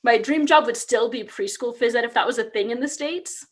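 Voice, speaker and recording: A woman's voice: on the high side, fairly quick. A woman in her thirties from California, chatting as a podcast guest about her teaching career, upbeat and full of "like". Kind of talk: casual interview conversation.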